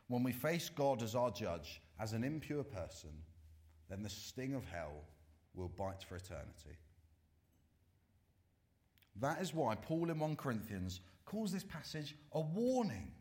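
Male preacher, very animated intonation, sermon delivery, dramatic drops to a hush. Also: mid-range voice. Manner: dramatic swings from loud to hushed, slow emphatic warnings.

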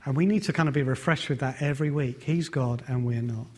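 A man's voice: mid-range voice, fast. A man preaching a sermon, conversational in tone and asking the congregation rhetorical questions.

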